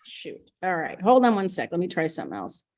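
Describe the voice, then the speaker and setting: Lively woman presenting on a webinar. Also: on the low side, fairly quick, slight background noise. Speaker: product presenter.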